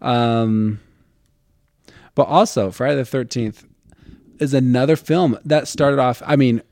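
A man with a gravelly, creaky voice chats casually as a podcast co-host. He keeps dropping in short words of agreement. The sound is dry and close to the mic. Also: mid-range voice, fairly even intonation, darkish tone, no room sound. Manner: supportive, quick agreeing interjections. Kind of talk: casual chat.

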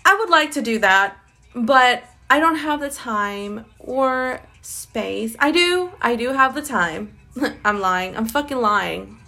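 A woman's voice: a little high, lively intonation, takes it slowly, sharp tone, faint music behind. A tired woman talking in a casual diary-style monologue, blunt and candid, swearing constantly and rambling with fillers and little laughs. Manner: blunt, candid, heavily profane. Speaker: podcast host.

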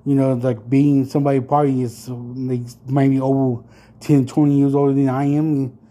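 A man in his thirties telling a story on his podcast in a casual rant. He swears constantly, rambles with lots of fillers and turns loud and heated when he gets worked up. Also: medium pitch, level tone, moderate pace. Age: 30s. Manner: profane, rambling, full of fillers. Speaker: podcast host.

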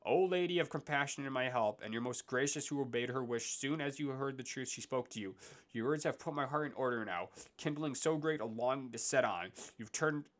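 A man's voice: mid-range voice, brisk, natural voice. A man reading aloud as an emboldened grown male poet, declaiming earnestly. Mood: fervent.

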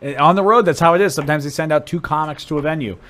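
A comedian from Ohio talks shop on a podcast in a somewhat high male voice. He restarts sentences, curses freely, and launches into animated stories, jumping up in pitch and volume as he acts out the people in them. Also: racing. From Dublin, Ohio, USA. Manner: animated storyteller, voice jumps high and loud when acting out people; swearing, restarts. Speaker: comedian guest. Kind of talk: casual podcast chat.

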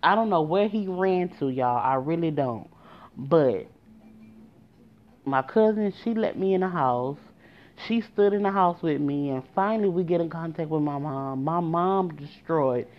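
Low-voiced woman telling a story, dull audio. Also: a little slow. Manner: emphatic, profane, talks straight to viewers. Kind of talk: casual storytime.

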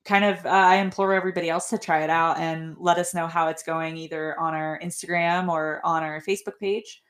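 A woman's voice: low voice, steady tone, brisk. A woman co-hosting a casual podcast chat, rambling a little and laughing often. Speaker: podcast co-host.

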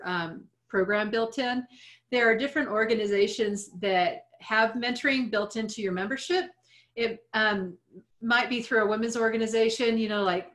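A woman coach giving advice on a podcast, calm and explanatory, building her points around simple analogies. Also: mid-range voice. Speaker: coach answering listener questions.

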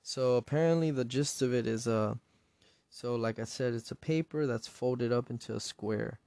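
A man's voice: mid-range voice, moderate pace, vocal fry, warm tone, no echo. A man hosting a solo podcast, casually retelling and reviewing a show episode in a rambling, profane way. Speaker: podcast host.

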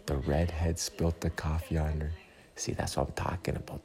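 A man's voice: rumbling low, little pitch movement, moderate pace, darkish tone. A man hosting a casual podcast, whispering and rambling as he talks through a movie in a theater. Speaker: podcast host. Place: movie theater during a film. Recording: crowded room, movie audio behind. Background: crowd chatter.

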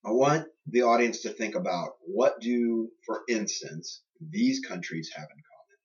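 A male podcast co-host with a mid-range, sing-song voice talks at a measured pace, casually chatting and joking about faith and government. He puts on silly party voices for laughs. The sound is distant, muffled, and lo-fi.

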